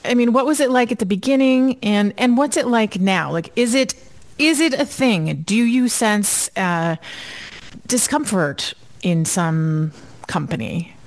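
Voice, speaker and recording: A woman's voice: fairly high pitch, lively intonation, a little slow. A woman interviewing a guest, asking curious, probing questions and reacting with interest. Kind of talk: conversational interview.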